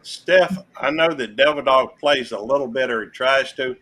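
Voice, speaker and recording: A man's voice: medium pitch, moderate pace, fairly bright tone, poor audio. A man on a live stream panel, chatting casually with dry, teasing remarks. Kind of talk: casual chat.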